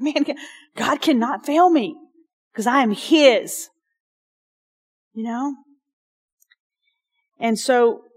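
A woman pastor, preaching a sermon, passionate and emphatic with soft asides. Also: fairly high pitch.

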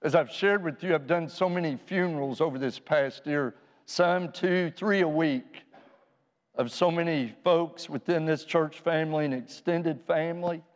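A man's voice: fairly high pitch, normal speed. A middle-aged man preaching a sermon as pastor, earnest and pastoral, at times rising to fervent emphasis. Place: church sanctuary. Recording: long reverb in a church hall.

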